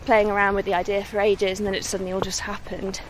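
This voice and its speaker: On a relaxed outdoor walk, a young singer-songwriter from the West Midlands is interviewed, chatting modestly and laughing easily. Her mid-range voice stays level and fast, over slight background noise of faint outdoors air and distant cars.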